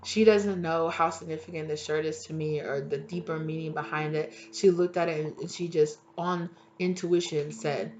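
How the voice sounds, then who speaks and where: A woman's voice: deep voice, steady tone, moderate pace, few pauses, a little mellow, highs cut off, slight background noise. A woman giving a casual tarot reading to her viewers. She talks chattily, swears freely and laughs at herself. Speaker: tarot reader.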